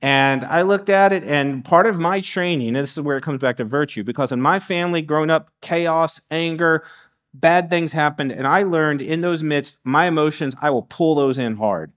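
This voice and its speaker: A guest preacher, a middle-aged man with a somewhat higher voice, delivers a sermon in a church sanctuary at normal speed. He's animated, restarting phrases and acting out little asides to the congregation.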